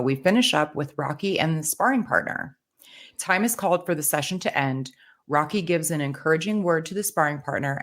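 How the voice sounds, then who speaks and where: A woman co-hosting a podcast, reading out a listener's email in an even voice. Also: low voice. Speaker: podcast co-host.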